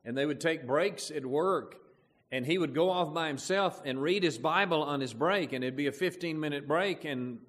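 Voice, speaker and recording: Here the pastor's voice is fairly high and fairly bright, moving at a moderate pace. He preaches conversationally, directing questions at his congregation, and the sound has a long hall reverb.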